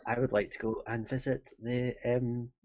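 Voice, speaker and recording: A man's voice: medium pitch, flat delivery, moderate pace, darkish tone, slight background noise. A man hosting a podcast, casually teasing his co-hosts and laughing often. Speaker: podcast host. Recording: dull lo-fi sound.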